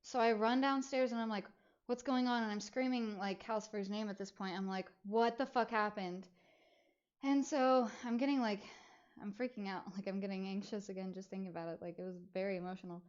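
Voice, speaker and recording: A woman streamer chatting casually as she tells a personal story, full of rambling fillers. Her voice sits in a middle pitch. The stream audio sounds a bit dull and muffled. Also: fast talker. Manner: rambling, filler-heavy, animated retelling.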